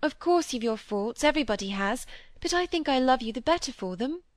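A woman reading aloud, voicing a gentle, timid young girl in an old novel who speaks softly and higher than the narration. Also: lively intonation, fairly quick, no room sound, studio quality. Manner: soft and timid.

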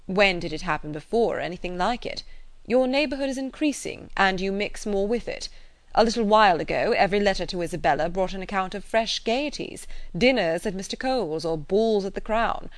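A woman reading the part of a blunt, practical married gentleman who talks in a firm, lecturing way. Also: mid-range voice, expressive, brisk, no room sound, lightly acted.

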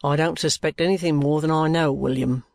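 A woman's voice: fairly even intonation, a little fast, vocal fry, no echo, studio quality. Woman doing a grave, wary young man. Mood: wary hush. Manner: grave, low and hushed.

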